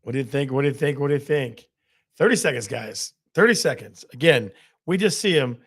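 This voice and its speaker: A man's voice: medium pitch, expressive, fairly quick, breathy edge. A man hosting a live quiz with game-show countdowns, laughing often at his own jokes. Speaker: host.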